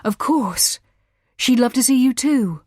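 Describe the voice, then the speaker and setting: A woman's voice: sits high, expressive, a little slow, dark tone, no room sound, studio quality, voice pushed up. A woman reading the part of an eager, placating young husband in an audiobook, with a hopeful, pleading manner. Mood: nervous cheer.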